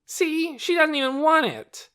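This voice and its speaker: A man voicing a bratty young boy who shouts and whines demandingly. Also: extremely high pitch, sing-song, unhurried, pitched above the performer's own voice, exaggerated voice. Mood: shouting. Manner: loud, whiny and demanding.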